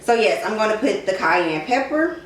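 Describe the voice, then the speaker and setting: A young woman walks viewers through a recipe in her kitchen, talking loosely with lots of fillers and calling them y'all. She sounds far from the mic, in an echoey room with steady background noise. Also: medium pitch, moderate pace. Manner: chatty, filler-heavy, addresses viewers as y'all. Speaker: cooking vlogger. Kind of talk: casual cooking tutorial. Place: home kitchen.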